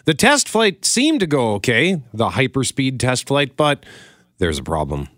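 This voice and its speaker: A man hosting a casual movie review chat, talking in a lively, chatty way. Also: medium pitch, a little slow.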